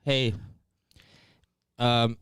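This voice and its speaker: A man's voice: medium pitch, level tone, very slow, fairly bright tone, clean tone, dry recording, clean studio sound. A man co-hosting a casual live-stream chat, telling a story with lots of fillers, restarts and laughs. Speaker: co-host. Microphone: desk mic, headphones.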